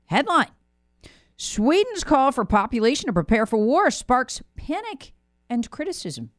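A woman's voice: high voice, sing-song, measured pace, no echo, studio quality. A woman speaking as a guest commentator, alarmed and insistent, often repeating words for emphasis.

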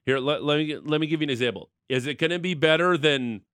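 A man's voice: a little high, fast talker, fairly bright tone, clear, resonant tone, no room sound. Man, sports radio host, chatty, jokey asides, dry close studio sound. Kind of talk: casual studio banter.

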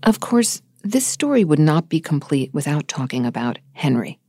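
A woman hosting a podcast, narrating the story and talking with her guest in a thoughtful, measured way. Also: low voice, sing-song, dark tone, no echo. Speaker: podcast host. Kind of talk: host narration and conversation.

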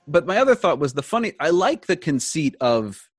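A man's voice: a little high, very animated, moderate pace, breathy edge, dry recording, studio quality. A man hosting a podcast, thinking aloud in casual chat with many restarts. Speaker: podcast host.

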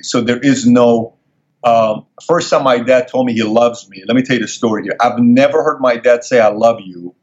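Intense guy from iran telling stories, punchy, kinda muffled lo-fi sound. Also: mid-range voice. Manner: intense, emphatic, lively. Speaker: guest. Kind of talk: emotional personal storytelling. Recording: dull lo-fi sound.

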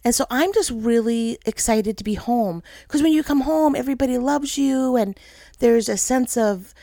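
A woman in her thirties preaches a heartfelt, personal sermon and talks straight to her listeners. Her voice sits a little high, with a gravelly fry running through it. The sound is dry and close, with almost no room echo. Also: normal speed, dark tone. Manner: earnest, emotional, speaks to listeners as "guys". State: tearful. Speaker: pastor's wife giving a message.

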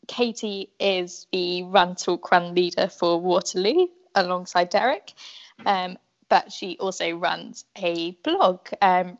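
Hesitant woman podcast co-host. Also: fairly low pitch. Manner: hesitant, with frequent fillers. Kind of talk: casual interview. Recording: dull lo-fi sound.

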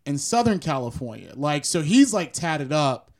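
A man's voice: a little high, very animated, normal speed, darkish tone. A young man from South Florida with a South Florida accent, a podcast guest chatting casually in slang. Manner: easygoing, slangy, says "you know what I'm saying" a lot.

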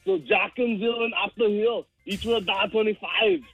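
A man on the phone doing a burly action hero with a heavy accent, barking short clipped lines. It comes through a thin, tinny phone line, and his voice sits higher than usual. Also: moderate pace, creaky, over music. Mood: gruff. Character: muscular action hero, male adult, thick accent. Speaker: caller.

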